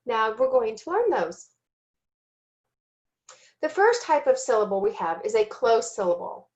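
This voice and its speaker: A woman giving a recorded teaching lesson, speaking slowly and deliberately and sounding out letters and syllables, sometimes correcting herself. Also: a little high, highs cut off. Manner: self-corrects with "excuse me". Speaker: teacher trainer.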